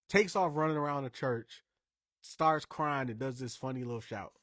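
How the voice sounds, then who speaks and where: A man's voice: on the high side, animated, moderate pace, a bit bright, dry recording, clean studio sound. A man from Indiana hosting a podcast, telling stories in a casual, emphatic way with rambling asides. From Indiana, USA. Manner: emphatic, conversational, wandering asides. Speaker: podcast host.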